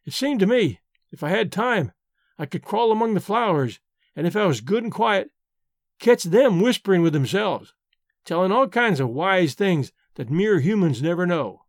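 A man's voice: sits high, animated, normal speed, dry recording, clean studio sound. A man reading the folksy, wistful lines of a frontier-born woman who leads a tribe, for an audiobook. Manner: plain folksy frontier speech.

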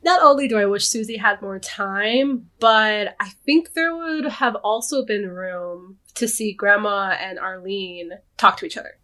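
Woman guest on a podcast, takes her time, mid pitched, laughs a lot. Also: bright, forceful tone. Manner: unhurried, thoughtful, laughs easily. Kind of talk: casual chat.

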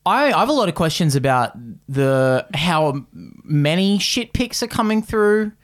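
A man's voice: a little high, sing-song, measured pace. A man with an Australian accent co-hosting a comedy podcast with dry, teasing banter. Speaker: podcast co-host. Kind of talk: casual comedy chat.

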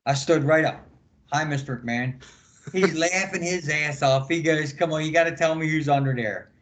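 An older man with a high voice, a former wrestler appearing as a guest, tells stories at normal speed in a casual interview. He's an animated storyteller who acts out the quotes.

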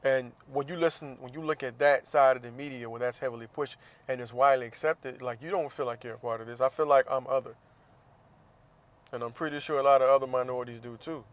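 A man's voice: medium pitch, fairly even intonation, quick pace. A man from the United States in a casual talk, swearing freely and laughing often as he speaks with passion. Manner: profane, impassioned, laughs often.

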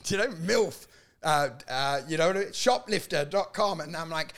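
A man telling stories in casual chat, animated and swearing often. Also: a little high, moderate pace. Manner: animated storytelling, swearing, frequent laughing.

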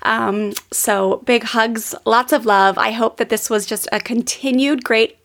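A woman's voice: fairly high pitch, steady tone, a little slow, fairly bright tone. A woman in her thirties hosting a podcast, telling personal stories in an earnest, heartfelt way with many fillers. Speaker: podcast host. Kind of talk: personal storytelling monologue.

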